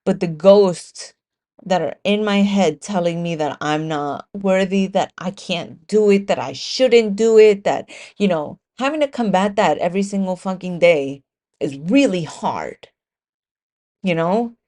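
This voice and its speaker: A woman's voice: on the low side, a little slow, warm tone. A woman hosting her own podcast, talking alone in a raw, confessional way and swearing freely. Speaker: podcast host. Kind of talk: candid solo podcast monologue.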